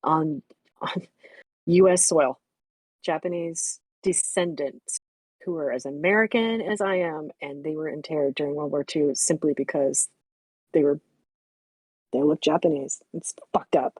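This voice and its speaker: A woman's voice: low voice, lively intonation, unhurried, long pauses, a little mellow, breathy edge, dry recording. A woman in her sixties reminiscing candidly and reflectively, speaking frankly and swearing bluntly at times. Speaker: memorial stream guest.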